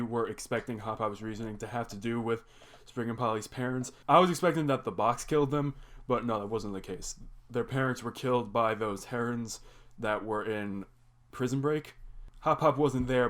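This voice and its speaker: A man's voice: mid-range voice, normal speed. A young man casually recapping a cartoon episode, rambling and filling his talk with "like". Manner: rambling, heavy use of "like" fillers. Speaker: reaction video host.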